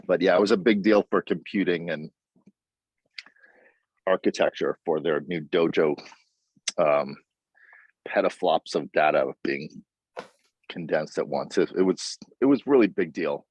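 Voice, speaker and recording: A man chatting on a video call from outside by a house, halting with many fillers and pauses. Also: sits low, darkish tone, breathy edge, no room sound. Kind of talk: casual chat. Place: outdoors by a house in the sun. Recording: dull lo-fi video call audio.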